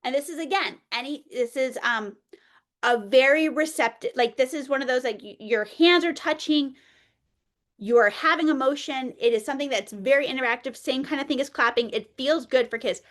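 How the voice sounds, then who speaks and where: A woman presenting an early childhood workshop, playful and animated, talking straight to the group like a teacher. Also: sits high, moderate pace.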